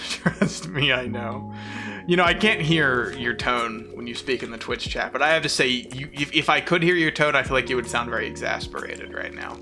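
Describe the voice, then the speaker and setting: A man's voice: medium pitch, animated, normal speed, gravelly, over music. A man from the southern United States with a mild southern accent, chatting casually and rambling while streaming a game and reading chat aloud.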